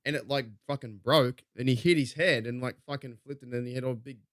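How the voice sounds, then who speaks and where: A man with an Australian accent co-hosting a podcast, talking casually and trailing off into quieter asides. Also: mid-range voice, steady tone, a little fast, no room sound, studio quality. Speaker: podcast co-host. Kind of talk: casual chat.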